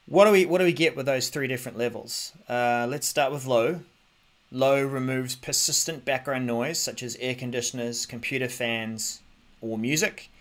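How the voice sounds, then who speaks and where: A man's voice: medium pitch, moderate pace. A man hosting a tech news podcast, talking casually into a podcast mic with lots of ums and restarts as he thinks aloud. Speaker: podcast host.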